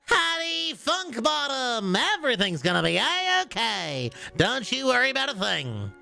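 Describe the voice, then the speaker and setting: Junkrat, raspy Aussie maniac. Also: male voice, very high-pitched, wildly swooping pitch, a little slow, pushed and bright, faint music behind, voice pushed up, heavily acted. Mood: reassuring. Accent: Australian. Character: manic scrappy young Australian man, gleeful troublemaker.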